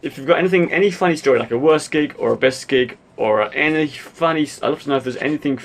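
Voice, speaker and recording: A man's voice: fairly high pitch, quick pace. Rambling male podcast host. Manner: rambling, self-deprecating asides. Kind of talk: casual interview chat.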